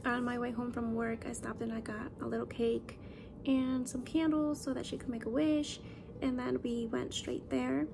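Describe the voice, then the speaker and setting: A woman's voice: a little high, level tone, moderate pace, creaky, background noise. A young woman chatting casually to the camera at home, saying "like" a lot. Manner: chatty, says "like" often. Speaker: vlogger. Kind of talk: casual vlog chat. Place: at home after a family visit.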